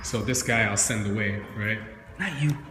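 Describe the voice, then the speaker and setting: A man's voice: on the low side, normal speed, background noise. A man, a dog trainer, talking casually on a live stream, chatty and often asking "right?" while working with dogs. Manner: chatty, talks to viewers and dogs, frequent "right?" and "like". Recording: echoey room with long reverb.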